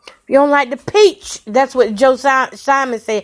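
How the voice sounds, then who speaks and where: A woman's voice: high-pitched, a little slow. Candid woman podcaster. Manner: candid, emotional, addresses listeners as y'all. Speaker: podcast host. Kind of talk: personal storytelling podcast.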